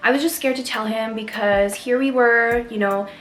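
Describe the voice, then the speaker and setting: A young woman from Canada, vlogging to camera and telling her own story in an earnest, candid way with soft pauses. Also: on the high side, steady tone. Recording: echoey room with faint music.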